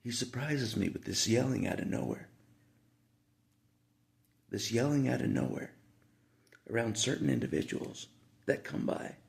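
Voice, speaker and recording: Man with a heavily gravelly voice and average pitch; rambling, repetitive vlog monologue. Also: big pitch swings, measured pace, pauses often. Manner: rambling, repeats himself, frequent asides. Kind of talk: casual monologue to camera.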